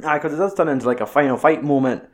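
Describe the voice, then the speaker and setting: A man's voice: fairly high pitch, very fast. A young Scottish man in casual, sweary, joking chat about a film. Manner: sweary, jokey banter.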